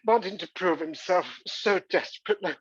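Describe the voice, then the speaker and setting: A man's voice: high-pitched, fairly quick, slightly rough, dry recording, lo-fi sound. A man playing a vain, boozy, rakish aging movie star with a put-on English accent and a flippant, posh showman's delivery.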